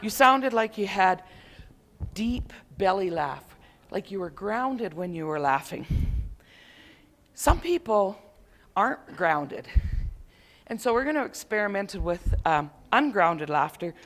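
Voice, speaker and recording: A woman instructor leading a live group through laughter yoga at a conference session, playful and quick to laugh as she chants and calls out to the group. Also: mid-range voice, lively intonation.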